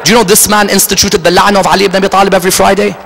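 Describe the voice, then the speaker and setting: A man preaches in a bright, forceful voice that sits a little high for a man. He is emphatic and keeps tossing rhetorical questions at his listeners. The sound rings with the long reverb of a large hall. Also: flat delivery, very fast, vocal fry, slight background noise. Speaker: religious lecturer. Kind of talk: Muharram majlis sermon. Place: large religious center hall. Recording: echoey hall.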